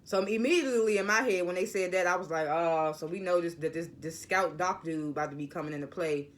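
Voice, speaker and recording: A man's voice: high-pitched, quick pace, a bit bright. A man casually recapping a TV episode, stuttering and repeating words as he rambles. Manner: rambling, loose and conversational. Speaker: TV episode reviewer.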